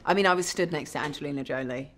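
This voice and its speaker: An actress giving a casual interview, chatty and candid, with self-deprecating humour. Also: female voice, sits low, racing, fairly bright tone, faint music behind.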